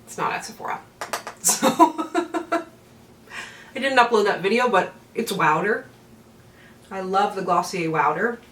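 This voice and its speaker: A woman's voice: mid-range voice, expressive, moderate pace, fairly bright tone, distant mic. A chatty woman talks through her makeup routine, rambling with little laughs and fillers. She sits back from the camera mic in an echoey room at home. A faint hum of the room stays under her voice. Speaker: beauty vlogger. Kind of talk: get-ready-with-me makeup chat.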